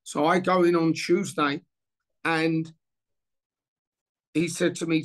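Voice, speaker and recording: Speaking slowly with long pauses, this man has a voice on the high side. He's a former footballer in his sixties who animatedly acts out the dialogue of an anecdote in a casual interview.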